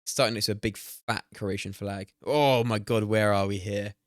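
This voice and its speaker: This streamer, a man in his twenties, hosts a watch party and plays a guessing game, chatting casually with viewers. He's excitable, swears and laughs a lot, and speaks at a moderate pace in a fairly low voice. The recording is clean studio sound with no room sound.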